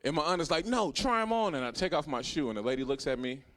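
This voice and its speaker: On a comedy club stage, a man in his thirties performs a stand-up set, telling a profane story that swings from hushed asides to loud punchlines. His delivery is rapid-fire at a medium pitch.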